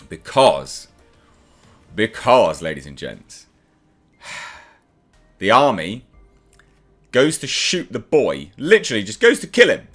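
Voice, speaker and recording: A man's voice: low-pitched, fairly bright tone. Chatty man reviewing TV. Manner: enthusiastic, chatty, acts out characters' lines. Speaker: TV reviewer, channel host. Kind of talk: casual spoken episode review.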